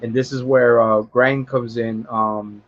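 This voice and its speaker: A man on a livestream podcast talks through a film scene in a loose, rambling way. He swears a lot and repeats words while he searches for them. His voice sits at an ordinary pitch and comes through dull and lo-fi. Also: level tone, a little slow. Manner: rambling, profane, acts out scenes in high voices. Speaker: podcast co-host. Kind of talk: casual film review chat.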